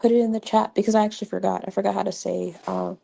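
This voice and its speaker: A woman's voice: mid-range voice, steady tone, rapid-fire, gravelly, dark tone. A young woman hosting a casual livestream, chatty and laughing often, with many fillers. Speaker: livestream host.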